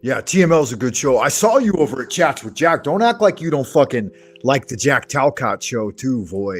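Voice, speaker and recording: A man's voice: medium pitch, sing-song, moderate pace, hardly any pauses, soft background music. A man hosting a livestream, chatting casually with viewers in crude, profane banter. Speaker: livestream host.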